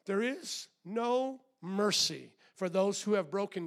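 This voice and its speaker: A middle-aged man with a notably high voice preaches a sermon in a church. He drops to a hushed, low delivery and then builds to loud, shouted exhortation. He questions the congregation directly. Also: expressive, takes it slowly. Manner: acts out quoted voices, asks the congregation questions. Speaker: pastor.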